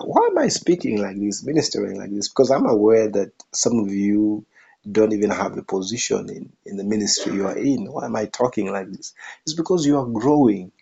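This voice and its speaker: Male preacher, gravelly and husky, keeps repeating lines for punch, muffled lo-fi sound. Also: lowish voice, mellow. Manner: emphatic, repeats phrases for effect. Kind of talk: sermon.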